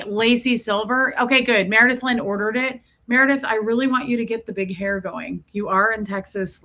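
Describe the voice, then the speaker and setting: A woman's voice: medium pitch, bright, forceful tone. A woman hosting a casual livestream, chatting and greeting viewers by name as she tells a story. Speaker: livestream host.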